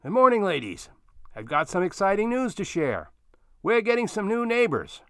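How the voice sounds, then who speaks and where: Man reading a polite elder street mayor, slightly curt, animated, dry. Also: sits high, normal speed, dry recording, voice pushed up, full character voice. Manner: courteous, a little curt.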